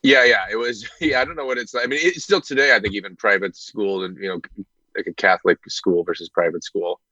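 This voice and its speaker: Middle-aged male actor guest, halting and self-mocking, lowish bright voice, dull lo-fi sound. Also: fairly even intonation, dry recording. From Indiana, United States. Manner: self-deprecating, halting with restarts and fillers. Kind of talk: casual podcast chat.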